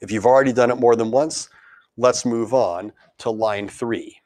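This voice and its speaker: A man's voice: mid-range voice, moderate pace, a little mellow, no room sound. Man teaching an online band lesson. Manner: counts and chants rhythm syllables aloud. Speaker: music teacher.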